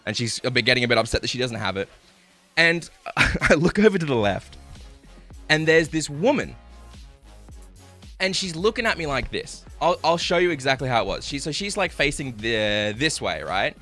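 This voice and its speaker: A man's voice: medium pitch, lively intonation, moderate pace, sharp tone, soft background music. A young man telling stories on a live stream, swearing and laughing as he chats with viewers. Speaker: livestreamer. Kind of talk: casual live-stream storytelling.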